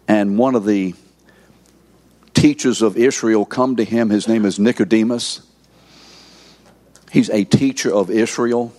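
A middle-aged man preaching, teaching in a deliberate way and prompting the audience to fill in words. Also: mid-range voice, a little mellow. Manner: slow, deliberate emphasis. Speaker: pastor teaching a course session. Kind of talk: sermon.

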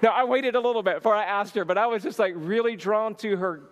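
High-voiced man preaching in a reverberant hall. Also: quick pace. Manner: lively storyteller, many "like" fillers. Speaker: church minister teaching a marriage session. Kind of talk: storytelling sermon.

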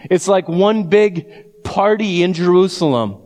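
A man's voice: high voice, lively intonation, a little slow, darkish tone. A man preaching a sermon, reading scripture aloud and building to fervent emphasis. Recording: long hall reverb.

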